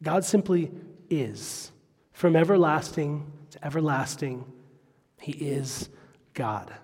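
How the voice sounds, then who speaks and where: Male pastor, unhurried expository sermon, reverb-heavy sanctuary sound. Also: on the high side, lively intonation, darkish tone, breathy edge. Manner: expository preaching, quoting scripture.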